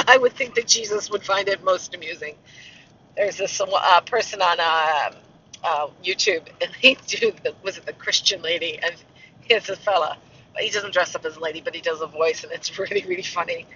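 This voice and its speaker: A man's voice: sits high, moderate pace, sharp tone, a little hiss or hum. A man who works as a castle tour guide, chatting in a rambling, self-mocking vlog style. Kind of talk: casual vlog chat. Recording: muffled, slightly distant mic.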